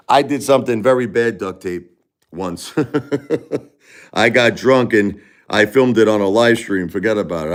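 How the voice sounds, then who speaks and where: Rambling Brooklyn-accented man in his forties. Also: lowish voice. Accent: New York (Brooklyn). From New York. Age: 40s. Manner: rambling and chatty, full of "you know" and restarts. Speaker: live streamer. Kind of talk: casual live-stream chat.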